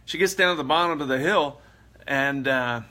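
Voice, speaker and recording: A man's voice: fairly high pitch, normal speed, bright, forceful tone. A man hosting a casual livestream, chatting in a rambling way and laughing often. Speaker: livestream host.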